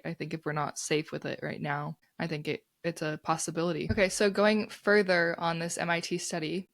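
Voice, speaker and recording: A woman's voice: on the low side, dry recording. A woman co-hosting a casual podcast. She explains study findings in a chatty way, often checking in with "right?". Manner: explains studies conversationally, many "like" and "right?". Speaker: podcast co-host.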